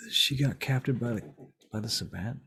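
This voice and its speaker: A man voicing a calm, helpful male vampire occultist in a tabletop role-play, easygoing and hesitant, with drawn-out "um"s. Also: medium pitch, breathy edge, exaggerated voice.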